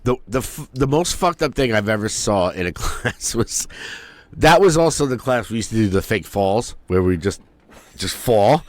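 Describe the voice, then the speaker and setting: A man's voice: lowish voice, animated, normal speed, no room sound. A man in his forties co-hosting a podcast, telling profane school stories in casual chat and mimicking old teachers. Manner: profane storytelling, mimics teachers in funny voices. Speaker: podcast co-host.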